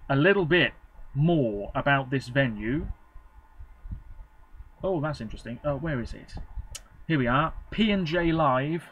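A man's voice: medium pitch, a bit bright, low-quality recording. A man vlogging, casually reading from web pages with rambling, offhand commentary and frequent self-corrections.

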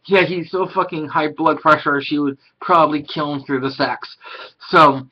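A man in his thirties casually reviews an anime episode, rambling through the plot and performing the characters' lines. His voice is fairly high, steady, unhurried and sharp in tone, with the highs cut off.

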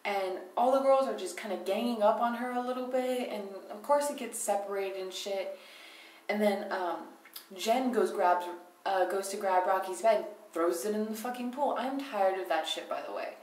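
A woman's voice: medium pitch, moderate pace, darkish tone, recorded from a distance. A young woman rattles through a reality TV recap in loose, casual talk, cursing constantly and giving blunt opinions. Her voice sits back from the mic and rings around a roomy, echoing space. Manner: profane, rambling, opinionated, laughs as she talks. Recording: roomy echo, speaking away from the mic.

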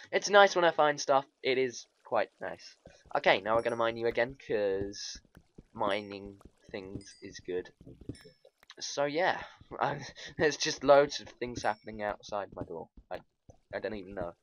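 A man's voice: medium pitch, unhurried, long pauses. Giggly, rambling man, dull lo-fi mic. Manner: rambling, excitable, giggly, talks to viewers. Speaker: gaming video host. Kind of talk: casual game commentary.

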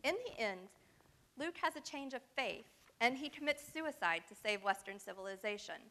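A woman in her thirties delivers a guest lecture from a prepared text. Her voice is bright, clear and a little high. She speaks in a measured, scholarly way. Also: animated.

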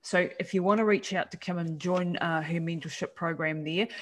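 A woman's voice: lowish voice, steady tone, moderate pace. A woman hosting a podcast interview, affirming her guest and laughing often. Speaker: podcast host. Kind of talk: conversational interview.

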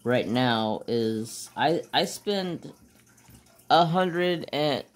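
A man's voice: mid-range voice, animated, drawn-out words. A man hosting a crafting channel, chatting casually while he works and often losing his train of thought.

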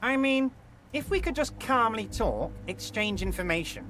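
An actor playing a large, smooth-talking union boss who is friendly on the surface and manipulative underneath. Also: male voice, high-pitched, big pitch swings, normal speed, bright, forceful tone, exaggerated voice. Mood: scheming. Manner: oily, soothing, overly friendly. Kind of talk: video game voice acting.

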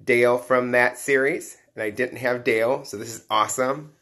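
A man chatting casually on a live stream as he unboxes collectible toys, excitable and chatty, greeting viewers by name. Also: mid-range voice, moderate pace.

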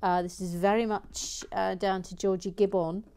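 A woman hosting a relaxed building video, chatting casually and often dropping to a whisper. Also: medium pitch, normal speed, clean tone. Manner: chatty, often drops to a whisper, rambling asides. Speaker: host.

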